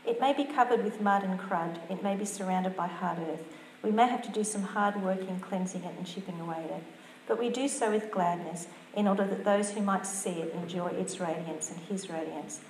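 A woman's voice: mid-range voice, a little fast, hardly any pauses, a little mellow, a little hiss or hum. A woman preaching a topical sermon in an earnest, conversational way, reading scripture aloud. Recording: roomy church sound.

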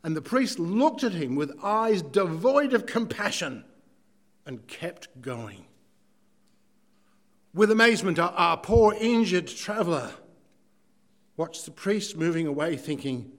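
A man from Ireland, preaching a sermon dramatically, moving between loud emphasis and hushed asides. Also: high voice, sing-song, slow pace, long pauses.

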